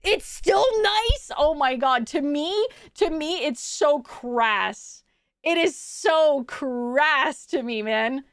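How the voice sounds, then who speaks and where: A woman's voice: high-pitched, lively intonation, takes it slowly, a bit bright, dry recording. Brief: casual woman streamer, laughs a lot, swears freely, dry desk mic.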